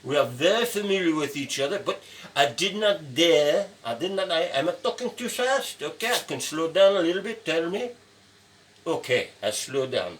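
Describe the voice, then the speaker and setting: A man's voice: a little high, big pitch swings, moderate pace, a bit bright. Playful chatty man in his seventies. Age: 70s. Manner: playful and chatty, tags sentences with "no?" and "eh?". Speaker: sculptor teaching a carving course. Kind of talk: casual video lesson. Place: his sculpture studio.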